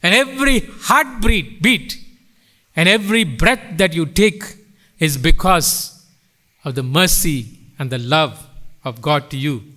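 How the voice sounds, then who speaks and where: Middle-aged male preacher, bright ringing tone, dramatic swells and hushed drops. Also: fairly high pitch, animated, slow pace. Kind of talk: sermon. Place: church sanctuary.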